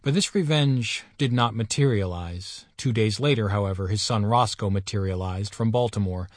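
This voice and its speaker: A man reading a story aloud in measured, expressive audiobook narration. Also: fairly low pitch, no room sound, clean studio sound. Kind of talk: scripted narration.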